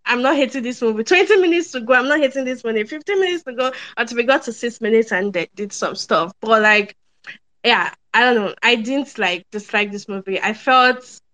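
A young woman, reviewing a film in casual podcast chat, chatty and quick to laugh, with many ums and restarts. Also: sits high, pushed and bright.

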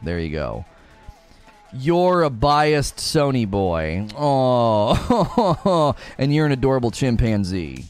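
A man's voice: medium pitch, big pitch swings, a little slow, soft background music. A man hosting a livestream, ranting at his chat in an exasperated, sarcastic, mocking way. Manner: mock voices of chatters. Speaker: livestream host.

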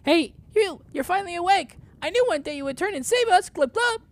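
A woman voicing an excitable male goldfish king who ends his lines with "glub glub" in a comedy podcast. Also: extremely high pitch, fairly quick, voice pushed up. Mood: excited.

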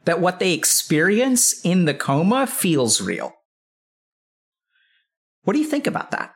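This podcast guest, a psychiatrist in his thirties, has a high, slightly rough voice whose pitch swoops wildly, and he takes his time. In casual conversation he tells a long story, rambling, using "like" often and swearing freely.

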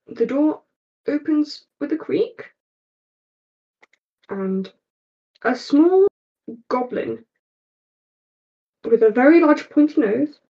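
A woman game master narrates a tabletop game and takes her time over every scene description. Her voice is fairly high and very unhurried, and the lo-fi recording dulls it. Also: creaky. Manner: descriptive, meandering, slow scene-setting.

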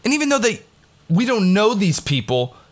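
A man excitedly recapping a wrestling event in a rambling, casual way, swearing freely, recorded on a headset mic at home. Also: high-pitched, moderate pace. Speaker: wrestling fan recapping a pay-per-view. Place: home recording in the Pittsburgh area. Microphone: headset mic with headphones.

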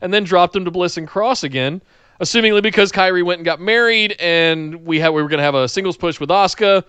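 A man's voice: sits high, fast talker, fairly bright tone, smooth, dry recording. A man co-hosting a casual chat about wrestling, often restarting his sentences with repeated words. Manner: hesitant, repeats words as he starts.

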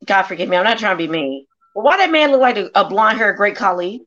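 A woman's voice: mid-range voice, big pitch swings, quick pace, fairly bright tone. A woman co-hosting a podcast in casual chat, blunt and joking. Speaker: podcast co-host. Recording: dull muffled sound.

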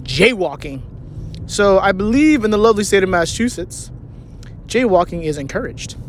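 A man's voice: high-pitched, very animated, moderate pace. A man telling a rambling, profane, joking story while sitting in his car. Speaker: vlogger. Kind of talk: casual storytelling rant. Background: car engine noise.

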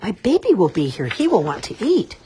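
A woman voicing a caring mother bird, with a gentle, fussing, motherly manner. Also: medium pitch, wildly swooping pitch, fairly quick, a little hiss or hum, pitched above the performer's own voice.

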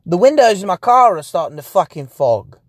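A man's voice: sits high, very animated, brisk, no room sound. A young man rambling and swearing in a casual podcast monologue, recorded sitting inside his parked car. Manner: profane, rambling, laughs often. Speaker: podcast host.

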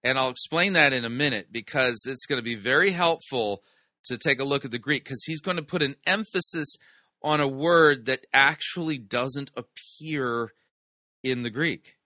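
Bright-voiced man giving wry commentary. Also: medium pitch, moderate pace, no room sound. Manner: wry, sarcastic asides; explanatory, teaches the Greek text. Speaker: sermon reviewer host. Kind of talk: casual commentary on sermon clips.

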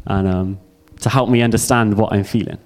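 A man's voice: on the low side, steady tone, fairly quick, a little mellow. Earnest young man preaching. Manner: earnest and heartfelt, with repeated phrases. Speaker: youth speaker. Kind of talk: personal testimony sermon.

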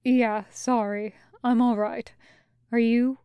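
A woman lends her clear voice to a bashful young man in a storybook reading. He speaks slowly and hesitantly, with a quiet sheepish softness. The sound is close and dry. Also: fairly high pitch, flat delivery, no room sound, highs cut off. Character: gentle young man, flustered and soft-spoken. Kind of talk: fanfiction audiobook reading.

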